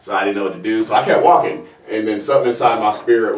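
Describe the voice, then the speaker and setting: Slight background noise sits under this fast-talking man with a lowish voice, who hosts a comedy talk show. His storytelling chat is casual and animated, full of laughter and impressions of the people involved. The mic is distant, so the room sounds spacious.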